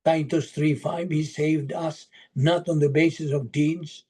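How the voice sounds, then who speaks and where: A Bible study leader speaks slowly over a video call, with a husky, mellow voice. Questions are posed and answered one after another, with verse references listed along the way. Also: mid-range voice, fairly even intonation. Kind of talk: teaching an online Bible study.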